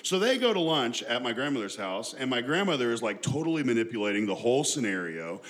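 A man's voice: medium pitch, big pitch swings, quick pace, a bit bright. A man telling a personal family story to an audience in a chatty, self-deprecating way, laughing often as he goes.

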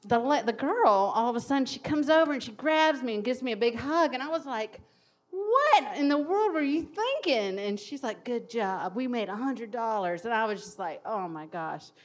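A woman telling a funny personal story to an audience, lively and laughing often. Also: on the high side, a little fast, few pauses.

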